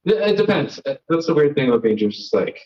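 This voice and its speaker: Young male comic on a lo-fi stream, fairly high voice, rambling and self-deprecating crowd work. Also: big pitch swings, quick pace. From Florida. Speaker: stand-up comedian and host. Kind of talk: live stand-up set. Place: comedy stage. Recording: lo-fi live stream audio.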